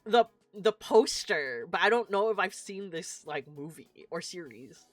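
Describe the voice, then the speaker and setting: A woman's voice: lowish voice, lively intonation, measured pace, no echo, faint music behind. A woman guest on a streamed talk show, agreeable and giggly, reading out the chat.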